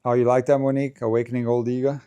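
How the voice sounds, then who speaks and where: A man streaming casual live commentary on a tennis match, chatty play-by-play that rises in excitement at big points. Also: mid-range voice, rapid-fire, clean tone.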